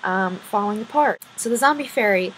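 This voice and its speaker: A woman's voice: mid-range voice, animated, normal speed, a little hiss or hum, poor audio. A woman vlogger telling a silly made-up story in a playful, rambling way, with many fillers. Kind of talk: casual storytelling.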